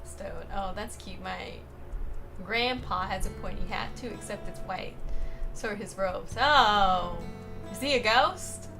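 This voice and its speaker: A young woman streamer reading chat aloud in a casual, playful way, laughing often and exclaiming loudly when excited. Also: medium pitch, slow pace. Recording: music playing behind.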